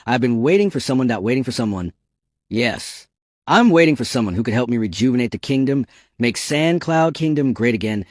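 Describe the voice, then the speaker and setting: A man's voice: mid-range voice, expressive, a little fast, no room sound, studio quality, close to an everyday voice. A man voicing the ghost of a boastful boy-king, brash and petulant. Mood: proud.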